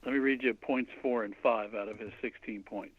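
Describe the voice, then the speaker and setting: A man's voice: medium pitch, steady tone, a little fast, husky, dry recording. A man co-hosting a talk show who reads document passages aloud and explains them plainly. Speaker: co-host. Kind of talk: conversational talk show discussion. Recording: dry, phone-like line.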